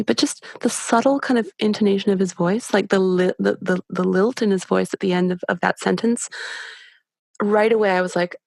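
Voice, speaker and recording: A middle-aged woman shares a personal story in a candid, halting way, often circling back and restarting her sentences. Her voice sits at a middle pitch. The sound is dry and close. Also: fairly even intonation, vocal fry, darkish tone, dry recording. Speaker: podcast guest.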